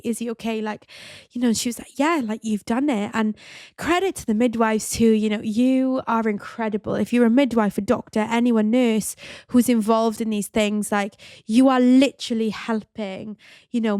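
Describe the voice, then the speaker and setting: A woman, telling a personal story in a chatty, animated way with lots of "like" and "you know". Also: a little high, no room sound, clean studio sound. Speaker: podcast host. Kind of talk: casual storytelling monologue.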